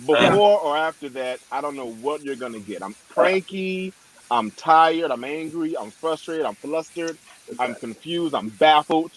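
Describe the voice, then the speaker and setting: A man's voice: a little high, expressive, unhurried, rough recording. A middle-aged man, a pastor and guest, chatting in an emphatic, self-mocking way over a video call. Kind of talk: casual video-call chat.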